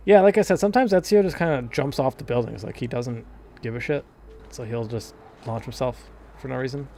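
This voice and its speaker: A man's voice: mid-range voice, brisk, creaky, warm tone, soft background music. A young man giving casual, profane, rambling commentary as he plays a video game, laughing often. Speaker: gameplay commentator. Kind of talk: casual let's-play commentary.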